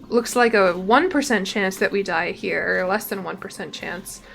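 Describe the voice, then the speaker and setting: A woman's voice: mid-range voice, moderate pace, vocal fry, few pauses, fairly bright tone, slight background noise. Chatty Southern woman streaming a game. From Tennessee, US. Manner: chatty, wry, laughs often, reads game text aloud. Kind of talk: casual game streaming, reading event text aloud.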